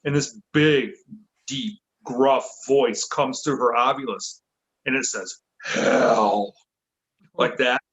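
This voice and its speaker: A man from Michigan, a podcast guest, telling a story in a casual, lively way, correcting himself as he goes. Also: medium pitch, slow pace, low-quality recording. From Michigan, USA. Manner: lively, self-correcting, acts out quotes.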